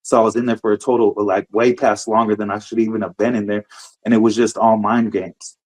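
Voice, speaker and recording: A man's voice: lowish voice, flat delivery, fast. A man, an activist, giving personal testimony at a public forum, rambling and repeating words as he tells his story. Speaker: community activist speaking at a forum.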